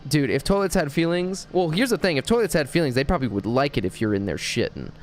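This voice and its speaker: A man chats casually on a game livestream, crude and rambling with jokes. His voice sits slightly high and moves with lively, animated swings. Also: fast talker, a little hiss or hum. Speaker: gaming streamer. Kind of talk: casual livestream chat while gaming.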